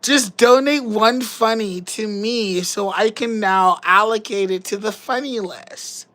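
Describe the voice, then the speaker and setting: A woman's voice: mid-range voice, slow pace, fairly bright tone, rough recording. A woman, hosting a casual livestream and chatting in a giggly, rambling, joking way. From Canada. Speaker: livestream host.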